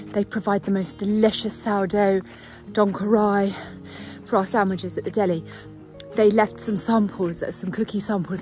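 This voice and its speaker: A woman, talking to camera on a countryside walk in an unhurried, musing way. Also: mid-range voice, mellow. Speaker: vlogger. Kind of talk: casual walking vlog. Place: outdoors in windy countryside. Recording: vlog voice with clear background music.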